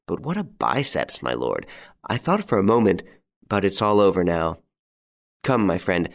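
A man reading the lines of a bold, mocking gentleman thief in an audiobook, with a jaunty, theatrical, taunting manner. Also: on the low side, creaky, full character voice.

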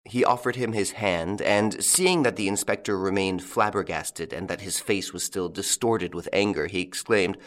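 A man narrating a classic detective story as an audiobook, in a measured storytelling manner. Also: lowish voice, expressive.

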